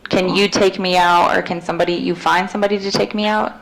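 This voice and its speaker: A woman investigator asking calm, probing questions in a recorded police interview, with frequent soft acknowledgments. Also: fairly low pitch, fast talker, vocal fry, low-quality recording.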